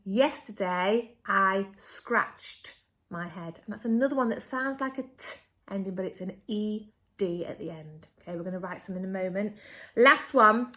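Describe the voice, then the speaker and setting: An English woman teaching a remote phonics lesson to young children, upbeat and slow, stretching key words. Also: medium pitch, a bit bright. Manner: upbeat, slow and exaggerated for children, my turn your turn. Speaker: primary school teacher.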